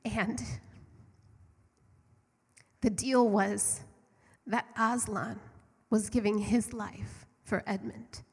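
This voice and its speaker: A woman's voice: mid-range voice, steady tone, extremely slow, creaky, long pauses, slightly rough. Earnest woman preaching in a reverberant hall. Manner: earnest, fervent, conversational. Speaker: church speaker. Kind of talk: storytelling sermon.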